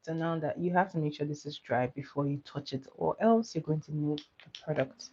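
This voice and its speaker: A woman's voice: sits low, fairly quick, a little mellow, slight background noise. A young woman doing a casual livestream makeup tutorial, chatty, laughing often and asking her viewers questions. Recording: dull lo-fi audio.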